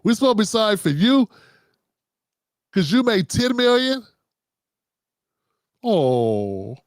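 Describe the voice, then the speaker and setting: Slow-talking mocking male commentator. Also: high voice, big pitch swings, dry recording, clean studio sound. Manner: mocking, profane, laughs at his own jokes. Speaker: host. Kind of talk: comedic commentary.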